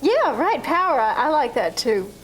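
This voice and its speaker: Flirty spoiled patient, teasing, higher voice, bouncy intonation. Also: female voice, very animated, moderate pace, slight background noise, poor audio. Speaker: patient in physical therapy. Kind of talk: daytime TV drama acting.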